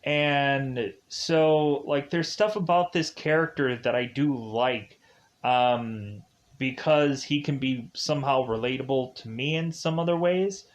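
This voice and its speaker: A man's voice: mid-range voice, slow pace. Rambling man full of fillers. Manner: rambling, filler-heavy, with many likes and kinda's; loosely retells scenes in the present tense. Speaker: film reviewer. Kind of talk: casual spoken movie recap.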